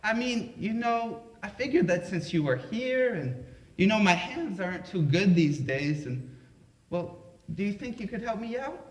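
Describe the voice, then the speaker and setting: Sweet little southern granny, a guy doing her voice, soft and halting, kinda high, echoey room. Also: animated, natural voice. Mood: sweet, hesitant. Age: older. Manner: sweet, soft-spoken, hesitant. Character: sweet elderly grandmother, gentle and timid.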